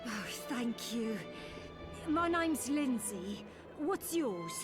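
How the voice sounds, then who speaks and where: An actress voicing a bitter, pleading village widow in a game. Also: female voice, a little high, expressive, very slow, music in the background. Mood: vengeful. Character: vengeful grieving village widow.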